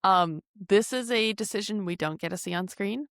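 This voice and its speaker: A woman's voice: mid-range voice, normal speed, a bit bright, no echo, clean studio sound. A woman co-hosting a casual podcast, musing over a character's motives with rhetorical questions. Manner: thoughtful, asks rhetorical questions. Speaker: podcast co-host. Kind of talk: casual film discussion.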